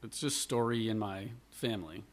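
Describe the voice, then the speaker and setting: A man from Buffalo, New York, telling a family story in casual chat as the guest, lively and rambling, acting out quotes along the way. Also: lowish voice, moderate pace.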